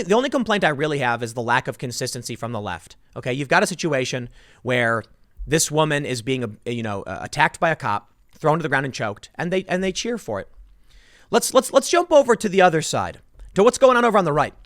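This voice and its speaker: A man giving opinionated, sarcastic commentary for his vlog in an emphatic, animated way. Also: on the high side, quick pace, no room sound. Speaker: political commentator. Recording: dry close-mic sound.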